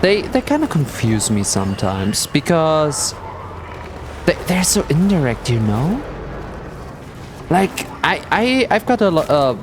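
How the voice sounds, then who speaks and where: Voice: medium pitch, measured pace, pauses often, noisy background. A streamer chatting casually and playfully during a gameplay livestream. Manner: playful and animated, with silly meowing bits.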